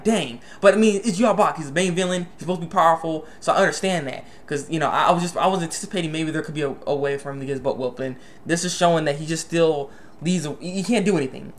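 Excitable young man rambling a review. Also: on the high side. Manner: excitable, stammering, many restarts. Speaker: manga reviewer. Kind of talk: casual spoken review.

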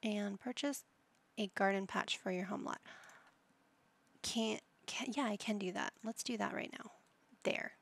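A woman gives relaxed gameplay commentary, thinking aloud and chatting to herself as she plays. She talks slowly and takes her time, now and then dropping into a soft whisper. Her voice has a gravelly, creaky edge. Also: mid-range voice. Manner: chatty, musing to herself, drops to a whisper at times. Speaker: gaming channel host.

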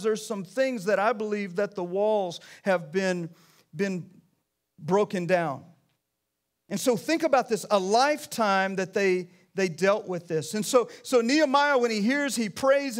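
A pastor preaching a sermon in a church, in a conversational way with many restarts and asides. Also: male voice, very high voice.

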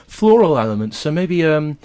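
A man's voice: fairly high pitch, sing-song, moderate pace, dark tone, dry recording. A young man improvising comedy, hesitant and agreeable. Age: young adult. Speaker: improv performer.

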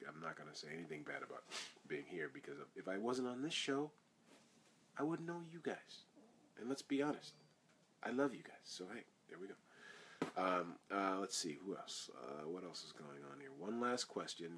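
A man's voice: deep voice, bright, forceful tone, a little hiss or hum. A man, an actor, answering fan questions in a casual live Q&A, reading each question aloud and rambling through his answers.

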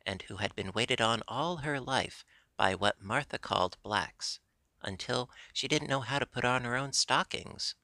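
A man narrating an audiobook in a steady, measured way. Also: fairly low pitch, vocal fry, no room sound.

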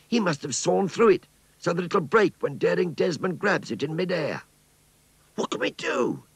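A man voicing an eager, kind young boy in a children's storybook, talking in an urgent, excited way. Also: medium pitch, slightly rough, dry recording, voice pushed up, heavily acted.

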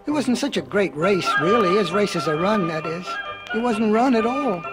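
A man's voice: high voice, expressive, moderate pace, over loud music. A man narrating a storybook record in a folksy way, with rambling asides.

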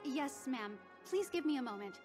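An actress voicing a polite, formal young hotel receptionist in a game. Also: female voice, high voice, lively intonation, normal speed, music in the background. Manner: formal and apologetic.

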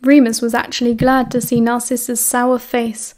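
A woman's voice: on the high side, flat delivery, normal speed, a little mellow. British woman reading an audiobook aloud. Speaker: audiobook reader. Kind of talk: audiobook narration.

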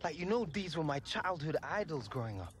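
An actor playing an eager, starstruck eighteen-year-old footballer who talks in an excitable, expressive way, with music behind. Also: male voice, on the high side, fairly quick, a little hiss or hum. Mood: thrilled. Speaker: player character in a game cutscene.

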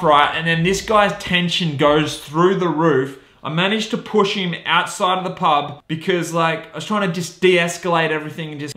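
A man's voice: a little high, pushed and bright, echoey room. A man casually telling a long personal story on his podcast, rambling with many fillers. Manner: rambling, many fillers like "you know" and "right?". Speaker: podcast host.

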